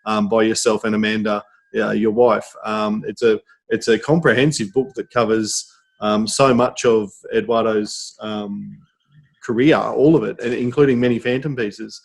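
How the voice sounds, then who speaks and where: A low-pitched man hosts a casual podcast interview. He asks long questions, pausing often on fillers. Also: steady tone, vocal fry, slightly rough. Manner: hesitant, frequent fillers. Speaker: podcast host.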